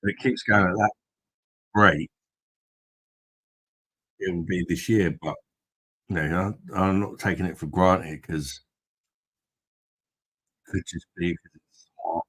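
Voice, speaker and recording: Male host, deep husky voice, loose crude banter with viewers. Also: steady tone, slow, pauses often, fairly bright tone, low-quality recording. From Kent, England. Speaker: host of a beer review live stream. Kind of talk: casual live-stream chat.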